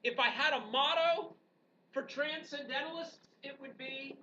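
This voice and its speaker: A woman history teacher giving an animated, joking classroom lecture full of rhetorical questions to her students. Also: sits high, unhurried. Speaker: high school history teacher. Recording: dull, distant classroom recording with faint background noise.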